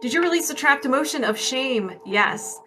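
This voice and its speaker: A woman's voice: high voice, animated, moderate pace, sharp tone, faint music behind. A woman energy healer on a casual livestream, chatty and upbeat, asking and answering her own yes-no questions. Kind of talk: casual livestream healing session.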